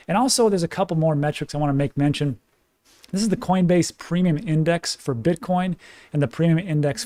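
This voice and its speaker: A man's voice: on the high side, mellow, dry recording. A man giving casual, enthusiastic cryptocurrency commentary and talking straight to his viewers. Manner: chatty, enthusiastic, talks to viewers directly. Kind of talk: casual market commentary to camera.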